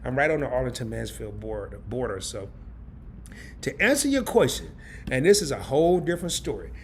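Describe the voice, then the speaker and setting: A man, hosting a casual live stream from his home and telling a story in an animated, laughing, colloquial way. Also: medium pitch, a little fast, a little hiss or hum. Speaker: host of a travel and credit card channel.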